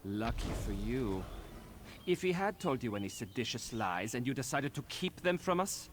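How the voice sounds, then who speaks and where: A man's voice: mid-range voice, big pitch swings, moderate pace, a little hiss or hum, natural voice. An actor playing a curt, suspicious male enforcer in a video game, issuing clipped threats. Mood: menacing.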